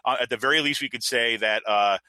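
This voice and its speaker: A man's voice: mid-range voice, fast, pushed and bright, no room sound. A man hosting a casual political chat, rambling and laughing as he talks. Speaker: podcast host.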